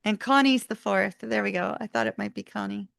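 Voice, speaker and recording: A woman's voice: mid-range voice, fairly quick, vocal fry, fairly bright tone, no echo, studio quality. A woman hosting a live tarot stream, chatting casually with viewers, laughing often and sounding sleepy and yawning. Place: warm room at home.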